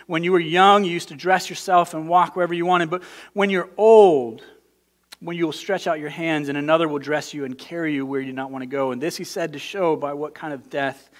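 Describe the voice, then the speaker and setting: A man preaching a sermon to his church, earnest and emphatic, often repeating words as he builds to a peak. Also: a little high. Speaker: pastor.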